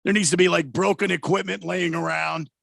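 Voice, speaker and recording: A man's voice: sits high, level tone, fairly quick, vocal fry, a bit bright, dry recording, clean studio sound. A man co-hosting a sports radio talk show, chatting casually and ribbing his partner. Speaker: radio co-host.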